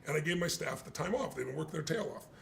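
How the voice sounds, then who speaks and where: A man's voice: on the high side, fast, vocal fry, slight background noise. An older man telling anecdotes with energy, acting out what others said in conversation. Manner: lively anecdotes, acts out quoted dialogue. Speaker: guest speaker. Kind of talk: animated storytelling in a conversation.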